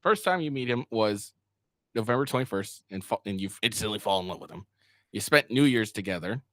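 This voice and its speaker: A man's voice: lowish voice, lively intonation, a little fast, fairly bright tone, no room sound, studio quality. A man streaming live, reading messages aloud and mocking them with frequent swearing and laughter. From Asian heritage. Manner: profane, mocking, reads texts aloud verbatim. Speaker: streamer reacting to a podcast drama. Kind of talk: live reaction commentary.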